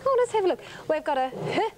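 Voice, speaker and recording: A woman's voice: very high-pitched, big pitch swings, quick pace, darkish tone. A woman hosting a children's television show, coaxing and encouraging preschoolers in a studio with a sing-song manner. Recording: hissy 1980s TV broadcast tape.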